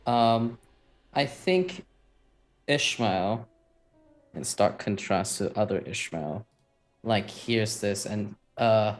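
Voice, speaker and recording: Slow-talking man, low voice, faint music. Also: animated. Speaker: player. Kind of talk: tabletop role-play, in-character narration.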